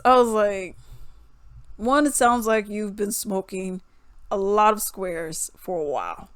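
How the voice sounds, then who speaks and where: A woman's voice: mid-range voice, slow, no echo, clean studio sound. A young woman, giving casual music commentary, laughing often and mocking songs in singsong voices.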